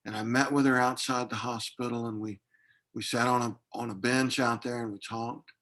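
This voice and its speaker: A man's voice: mid-range voice, fairly even intonation, moderate pace, fairly bright tone. A man speaking as a grief counselor in an online workshop, reflective and hesitant, with frequent fillers and restarts, heard over a video call.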